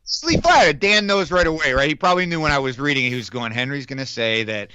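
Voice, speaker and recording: Male podcast co-host, expressive and indignant in fun, muffled lo-fi recording. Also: medium pitch, fast, clear, resonant tone, no room sound. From United States. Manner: animated, playfully indignant. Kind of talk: casual chat. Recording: dull lo-fi sound.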